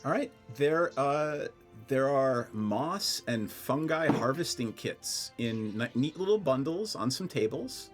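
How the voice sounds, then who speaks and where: A male game master narrating a tabletop session with a lively, swooping voice that rises and falls a lot. He talks with a wry, amused edge and laughs easily, over a faint bed of music. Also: mid-range voice, slow pace.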